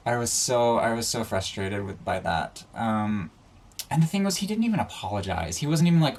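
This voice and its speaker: A young man vlogging a ranting story, exasperated and animated, full of "like"s. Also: mid-range voice, moderate pace. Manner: exasperated, animated venting with many "like"s.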